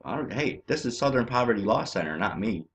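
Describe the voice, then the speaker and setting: A man from California ranting in a profane, agitated way over on-screen maps, swinging between shouting and muttering. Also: medium pitch, lively intonation, fairly quick, breathy edge. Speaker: vlogger.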